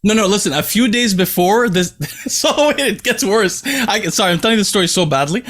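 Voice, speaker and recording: A young man hosting a casual podcast chat, animated and laughing as he tells stories. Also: high voice, normal speed. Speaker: podcast host. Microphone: remote call mic.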